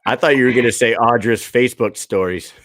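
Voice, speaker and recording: A man in his thirties hosting a podcast in casual chat, swearing freely, laughing often and telling quick stories. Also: mid-range voice, a bit bright, no room sound, studio quality. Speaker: podcast host.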